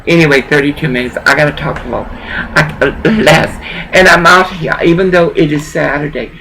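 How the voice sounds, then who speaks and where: A woman's voice: deep voice, normal speed, gravelly, a bit bright, slight background noise, poor audio. An older woman delivering a rambling, profane vlog rant, dropping in Spanish words here and there.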